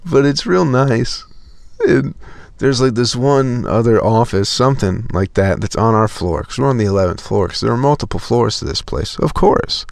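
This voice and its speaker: A man's voice: medium pitch, moderate pace, vocal fry, dry recording. A young man telling a profane, exasperated story as a podcast host in a casual comedic rant.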